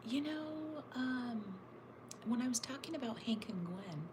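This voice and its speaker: Speaking a little slowly in a fairly high voice, a woman hosts a casual home livestream with a snowy backyard outside. She chats with viewers, answers their comments and often drops to a whisper, with steady background noise underneath.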